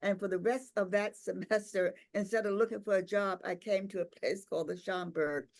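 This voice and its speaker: An older woman, a professor and invited speaker, tells a personal story at a tribute gathering in an unhurried, reflective way, pausing often on "um" and "uh" and checking in with "right?". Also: mid-range voice, fairly even intonation, darkish tone. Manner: repeats words and checks in with "right?".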